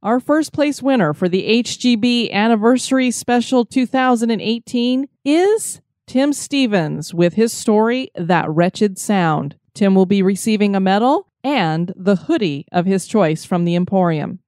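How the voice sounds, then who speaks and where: A woman's voice: medium pitch, expressive, a little slow, darkish tone, no echo, clean studio sound. A woman hosting a podcast, announcing contest results and reading a story aloud. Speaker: podcast host.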